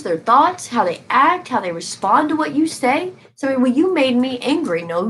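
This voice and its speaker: A woman's voice: fairly high pitch, a bit bright, a little hiss or hum, low-quality recording. Chatty woman reading tarot live. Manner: chatty, emphatic, reacts to viewer comments. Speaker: tarot reader streaming live.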